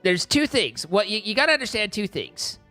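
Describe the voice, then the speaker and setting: Lively, bright-voiced male streamer. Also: high voice, a little fast, soft background music. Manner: rambling and self-correcting, laughing easily. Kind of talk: casual live-stream chat.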